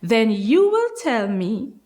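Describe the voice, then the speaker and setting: A woman with a Guyanese accent teaching a nursery class, speaking slowly and spacing her words clearly for small children. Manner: slow, clearly spaced words with lively rises in pitch. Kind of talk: slow, sing-song lesson for young children.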